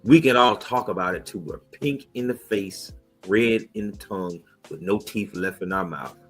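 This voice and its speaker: A man's voice: lowish voice, moderate pace, husky, low-quality recording. Man co-hosting a talk show, fired up and punchy, light music bed behind. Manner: emphatic, punchy, calls for action. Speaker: co-host. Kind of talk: impassioned talk show commentary. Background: soft music bed.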